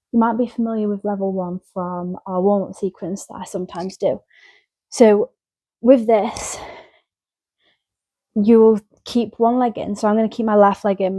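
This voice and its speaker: Dark-voiced woman cueing yoga poses. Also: medium pitch, no echo, rough recording. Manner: calm step-by-step cueing, talking while moving. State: out of breath. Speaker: yoga teacher. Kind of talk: guided yoga instruction.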